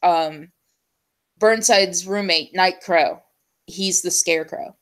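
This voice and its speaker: A woman's voice: fairly low pitch, a bit bright. Chatty woman host, lots of ums. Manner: chatty, full of ums and trailing pauses. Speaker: show host. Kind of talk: casual chat.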